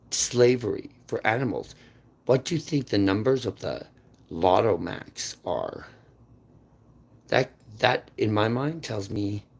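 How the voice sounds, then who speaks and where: A man delivering an intense, rambling monologue that jumps between topics, repeats words and swings sharply in loudness. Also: on the low side, gravelly, breathy edge. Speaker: channel host. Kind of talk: rambling unscripted monologue to camera.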